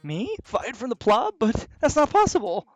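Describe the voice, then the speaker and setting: A man's voice: very high voice, wildly swooping pitch, normal speed, no room sound, faint music behind, pitched above the performer's own voice, exaggerated voice. A man voicing a panicky male monster scientist, whiny and distressed.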